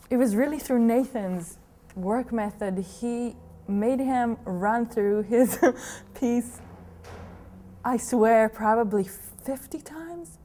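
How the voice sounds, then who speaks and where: A woman from Israel, a dance teacher, speaking in a documentary interview, thoughtful and quick to laugh. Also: on the high side, dark tone. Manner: slow, thoughtful, laughing often.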